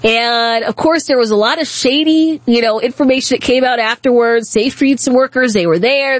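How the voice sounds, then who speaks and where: A woman's voice: a little high, no room sound. A woman hosting a call-in talk radio show, speaking bluntly and indignantly with frequent restarts.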